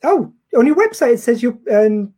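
A woman's voice: fairly high pitch, very animated, moderate pace, warm tone. A woman hosting a casual interview, chatty and friendly. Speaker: podcast host.

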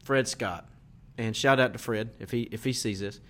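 Halting man talking through his answers. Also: medium pitch, a bit bright. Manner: halting, searching for words, many fillers. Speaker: guest, church minister. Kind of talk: casual interview chat.

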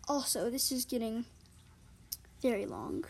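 A woman's voice: fairly high pitch, animated, a little slow, gravelly, a little mellow, slight background noise, rough recording. A woman reading her own story aloud, often tripping over words and correcting herself. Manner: frequent slips and self-corrections. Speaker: reader.

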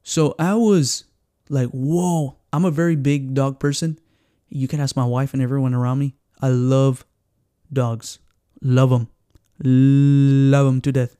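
A man with a Mexican accent, hosting a podcast in casual chat and telling stories with lively acted-out quotes and Spanish phrases. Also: medium pitch, measured pace, no room sound, studio quality. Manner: animated storyteller who acts out quotes and slips into Spanish phrases. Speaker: podcast host.

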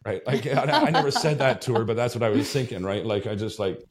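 Talking quickly in a mid-range voice over slight background noise, a man hosting a podcast spins a rambling, profane story in casual conversation. He ends lines with "right?" again and again.

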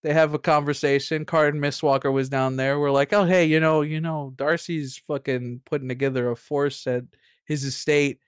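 A man's voice: a little high, little pitch movement, moderate pace, clean tone, no echo, studio quality. A man casually recapping a tabletop game session, rambling and profane, full of restarts and laughter. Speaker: player recapping last session.

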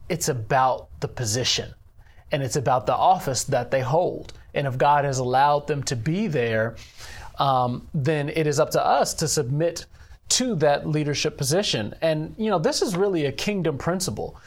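Speaking at a fairly high pitch, this church ministry director talks earnestly about faith in an interview. His delivery is measured, peppered with "you know."

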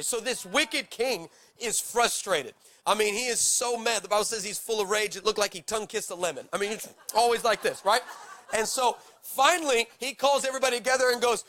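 A man's voice: sits high, fairly bright tone. A man preaching a sermon, reading scripture with dramatic, jokey energy. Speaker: pastor.

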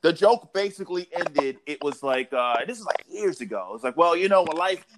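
A man's voice: a little high, animated, brisk. A man hosting a casual chat, telling a story about himself in a self-critical, confessional way. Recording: loud background noise.

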